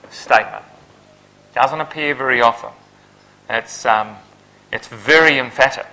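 Forceful, emphatic male preacher. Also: rough recording. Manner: builds to loud emphatic peaks, then drops low. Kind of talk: expository Bible sermon.

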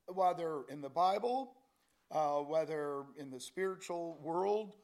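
A man with a slightly high voice gives a relaxed Bible school talk to a room of listeners. He is chatty and joking, and he rambles through lots of ums and uhs before reaching his point. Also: slow pace. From Canada. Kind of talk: informal Bible class talk.

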